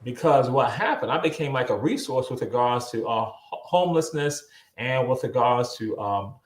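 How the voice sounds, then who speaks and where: A man, a guest on a video-call interview, telling a story in a lively way, often repeating words and acting out what people said. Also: medium pitch, normal speed, echoey room. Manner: animated, repeats words, acts out quoted voices.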